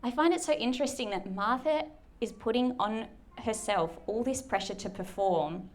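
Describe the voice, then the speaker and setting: A woman's voice: fairly high pitch, lively intonation, normal speed. A woman preaching a sermon in a conversational, chatty way, acting out quoted lines playfully. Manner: conversational, chatty, with lots of fillers.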